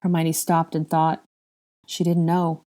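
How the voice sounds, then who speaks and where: Low, mellow woman narrating. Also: monotone, measured pace. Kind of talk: fan fiction reading.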